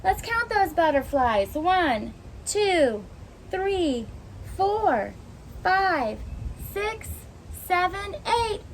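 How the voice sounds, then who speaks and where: A woman teacher reads a picture book aloud to young children and keeps stopping to ask them questions. Her voice is high and lively, with a slow, careful pace. A faint hum of background noise runs through the recording. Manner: asks children questions, encouraging and animated. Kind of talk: children's story time.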